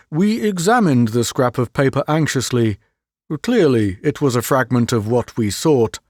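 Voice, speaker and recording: A man narrating a classic detective story as an audiobook reader, measured and unhurried. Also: mid-range voice, expressive, darkish tone, dry recording, studio quality. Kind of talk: scripted narration.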